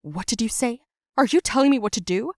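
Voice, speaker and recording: A woman voicing an angry, muscular mother who shouts at another parent in an animated story. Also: mid-range voice, measured pace, dry recording, clean studio sound. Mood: furious. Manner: shouting, confrontational.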